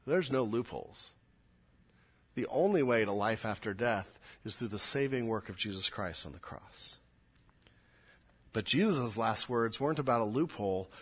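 A man's voice: medium pitch, a bit bright. A pastor preaching a sermon to his congregation. He is earnest and emphatic, and he repeats words as he builds his points.

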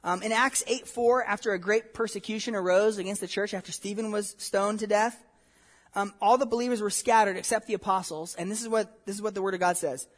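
High-voiced man preaching earnestly. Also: fairly even intonation, a little fast. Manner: earnest, emphatic preaching with rhetorical questions. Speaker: pastor. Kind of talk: sermon.

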